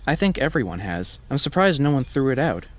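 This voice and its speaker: A man's voice: mid-range voice, big pitch swings, fairly quick, voice pushed up, close to an everyday voice. A man voicing a pushy woman neighbor who pries and speaks bluntly. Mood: prying. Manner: prying, blunt.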